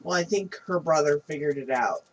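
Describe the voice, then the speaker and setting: Co-host chiming in w short agreeing bits, husky voice. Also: medium pitch, fairly quick, poor audio. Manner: brief agreeing interjections. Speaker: podcast co-host. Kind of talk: casual chat.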